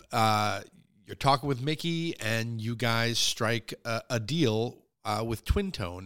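A man hosting an interview, relaxed and quick to laugh, who nudges his guest along with questions. His voice is bright and forceful, and the recording is dry and close. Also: medium pitch, clean tone, dry recording. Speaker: podcast interviewer.

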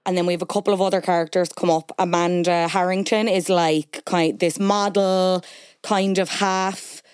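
A woman's voice: fairly low pitch, steady tone, normal speed, smooth, no echo, studio quality. A woman hosting a podcast in casual chat, prompting her guest eagerly. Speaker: podcast host.

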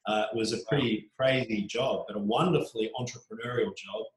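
Australian male journo guest, thirties, lower voice, anecdotal and chatty, echoey room. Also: a little fast. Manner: chatty, frequent ums, animated anecdotes. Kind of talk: casual interview storytelling. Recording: roomy echo.

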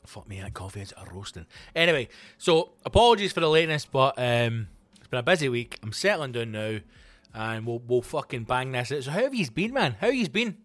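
A middle-aged Scottish man and comedy podcast host, ranting in a loose, sweary, animated monologue. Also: mid-range voice, fairly quick, dry recording, faint music behind. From Scotland.

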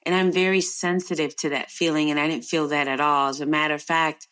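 A woman with a fairly low voice shares a heartfelt personal story. She talks earnestly and conversationally, and she circles back on key phrases to stress them. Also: fairly even intonation, brisk, fairly bright tone, clean tone. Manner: earnest, emotional, faith-filled storytelling; conversational, repeats phrases for emphasis.

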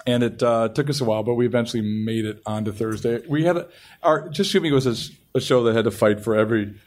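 A man's voice: mid-range voice, fast, a little mellow. A middle-aged man, a television writer, telling a long story at a panel interview and often restarting his sentences. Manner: rambling storytelling with frequent restarts. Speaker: television writer and show creator.

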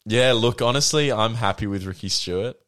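A man co-hosting a casual sports podcast, laid-back and quick to laugh. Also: medium pitch, a bit bright. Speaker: podcast co-host.

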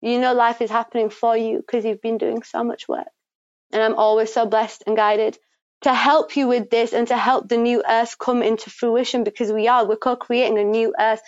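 A woman giving a psychic reading, talking passionately and quickly, swearing freely and affirming the listener. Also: a little high, dry recording. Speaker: psychic reader and guest. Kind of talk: intuitive reading, casual and emphatic. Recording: dry, slightly muffled recording.

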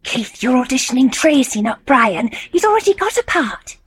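A woman's voice: sits high, sing-song, normal speed, breathy edge, full character voice. An actress playing a polite, fussy woman helping run auditions.

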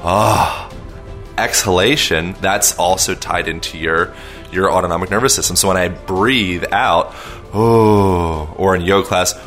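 Guest, male, deep but crisp-edged voice, long-winded, loose and filler-heavy. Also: moderate pace, sharp tone, soft background music. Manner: rambling, filler-heavy, self-aware long-winded talk. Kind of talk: casual conversational explanation.

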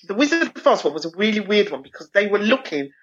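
Woman, Birmingham accent, actor guest, expressive storyteller, lo-fi dull sound. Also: medium pitch, fast. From Birmingham, England. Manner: lively, expressive storyteller who acts out voices. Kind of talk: casual interview chat.

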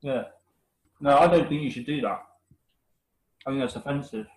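A man's voice: mid-range voice, normal speed, poor audio. A man with a West Country English accent, co-hosting a casual podcast chat, teasing and laughing often. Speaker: podcast co-host.

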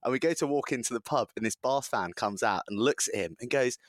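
A man co-hosting a casual rugby podcast, telling lively anecdotes and laughing often. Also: mid-range voice, fairly quick, dry recording. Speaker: podcast co-host. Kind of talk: casual rugby chat and storytelling.

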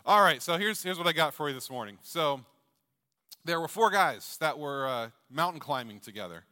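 A man's voice: a little high, lively intonation, moderate pace, pushed and bright. A middle-aged man preaching a sermon as pastor, chatty and jokey, asking the congregation questions. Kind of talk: sermon with jokes. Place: church sanctuary with long reverb. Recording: long hall reverb from a church.

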